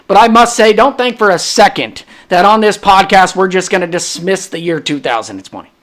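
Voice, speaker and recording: A young adult man hosting a solo sports podcast, brash and hyped, trash-talking rival fans. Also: sits high. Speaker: podcast host.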